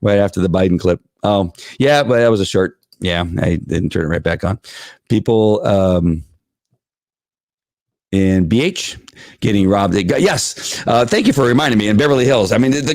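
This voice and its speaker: A man's voice: lowish voice, lively intonation, normal speed, darkish tone, dry recording, clean studio sound. A man hosting a live political talk show from home, exasperated and rambling, with frequent restarts as he reads viewer comments.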